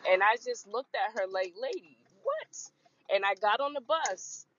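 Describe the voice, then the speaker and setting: A woman hosting a podcast, telling a personal story in a frank, animated way and acting out the people in it. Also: medium pitch, normal speed, a little hiss or hum. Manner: animated, acts out quoted voices, frank. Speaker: podcast host. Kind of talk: casual storytelling chat. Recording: muffled lo-fi recording.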